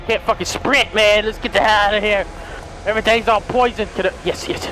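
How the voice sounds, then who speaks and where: A man giving frantic gaming commentary, swearing and yelling in panic, repeating himself as he plays. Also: high voice, fairly even intonation, normal speed. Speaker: video game let's player. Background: game music.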